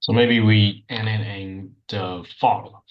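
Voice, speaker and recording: A man's voice: fairly low pitch, fairly even intonation, slow. A man from Taiwan taking an English lesson, giving short replies and repeating words after his teacher. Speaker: English student. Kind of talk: one-on-one English tutoring. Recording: dull, roomy video call audio.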